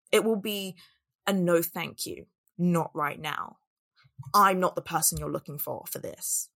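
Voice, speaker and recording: Earnest bright-voiced woman coach. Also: medium pitch. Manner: earnest and reflective, acts out inner doubts. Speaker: business coach. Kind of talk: motivational solo talk.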